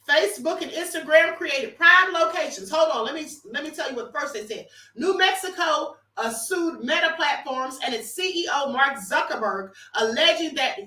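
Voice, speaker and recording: A woman's voice: high voice, pushed and bright, recorded from a distance. A woman hosting a casual livestream, commenting emphatically and calling her viewers honey. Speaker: livestream host. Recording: roomy echo, off-mic.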